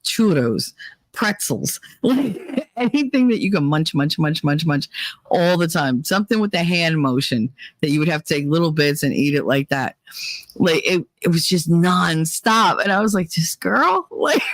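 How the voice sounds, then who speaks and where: A woman hosting a podcast, telling a gossipy story in a casual, profane way, laughing often and jumping up in pitch for punchlines. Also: normal speed, no echo. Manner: animated, jumps up in pitch for punchlines. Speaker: podcast host.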